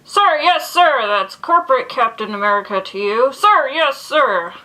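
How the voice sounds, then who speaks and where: A woman voicing a gung-ho male military pilot on the plane radio, in a loud barking military cadence. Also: sits high, expressive, measured pace, voice pushed up, full character voice, rough recording.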